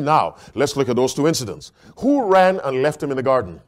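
A middle-aged man preaching a sermon in a slightly raised voice. He keeps turning to the congregation with questions and calls on them to read verses out. To land a point he slows right down and drops his voice to a hush. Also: on the high side, expressive.

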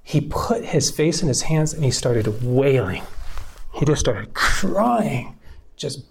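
A man's voice: mid-range voice, big pitch swings, slow pace, vocal fry, a little hiss or hum. A young man from California telling a personal story in a casual, earnest way, with plenty of fillers and restarts.

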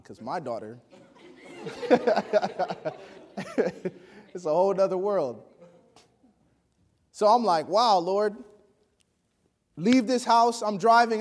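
A man preaching a sermon, telling a personal story with animated delivery that swings between hushed and loud. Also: on the high side. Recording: long hall reverb.

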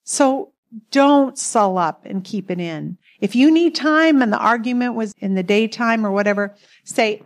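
A woman's voice: mid-range voice, normal speed. A middle-aged woman telling a personal marriage story in a chatty way, laughing often. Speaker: co-host speaking about marriage. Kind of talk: casual storytelling talk.

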